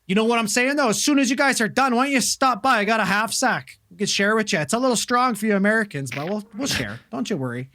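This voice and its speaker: A man's voice: sits high, lively intonation, fast talker, few pauses, bright, forceful tone. A man voicing an easygoing, folksy Canadian man who drawls and tells people to relax. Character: laid-back folksy Canadian man named Frank.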